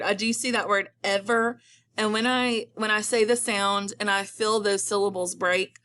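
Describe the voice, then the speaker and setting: Lady teacher doing a phonics lesson, slow and patient, drags words out. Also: mid-range voice, a bit bright. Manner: patient, stretches words out slowly.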